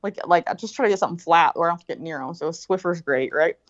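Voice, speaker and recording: A middle-aged woman telling a story in casual chat, animated and profane, acting out what people said. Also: lowish voice, racing. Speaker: guest. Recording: dull lo-fi sound.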